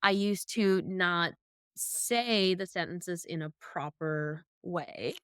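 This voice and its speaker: A woman whose first language was Pennsylvania Dutch talks about herself in a relaxed interview, with a light Amish accent. Her voice is smooth and clear, sitting slightly low, recorded close and dry with no room sound. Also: slow pace, dry recording. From Michigan, USA. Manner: easygoing, laughs often. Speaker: podcast guest. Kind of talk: conversational interview.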